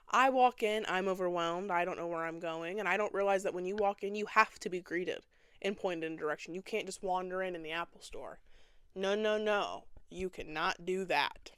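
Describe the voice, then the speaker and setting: Sassy woman telling a story, smooth dry voice. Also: on the low side, normal speed, dry recording. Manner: dramatic, sassy, acts out other people's lines. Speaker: podcast host. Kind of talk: casual storytelling monologue.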